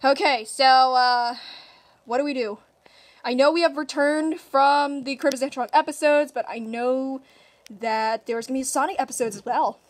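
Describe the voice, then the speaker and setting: A woman hosting a toy play video and narrating it in an excitable way, with shrieks and gasps. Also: sits high, normal speed. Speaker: channel host.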